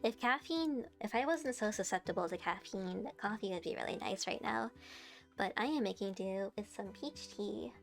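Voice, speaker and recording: A woman's voice: medium pitch, expressive, moderate pace, vocal fry. A young woman streamer, bubbly and giggly, chatting and playfully teasing her viewers on a live stream.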